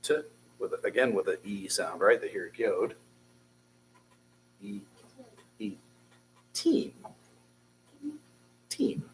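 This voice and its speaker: A man's voice: lowish voice, very animated, takes it slowly, creaky, long pauses, slight background noise, low-quality recording. A man teaching a beginners' Hebrew class, patiently drilling syllables and encouraging his students. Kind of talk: classroom language lesson.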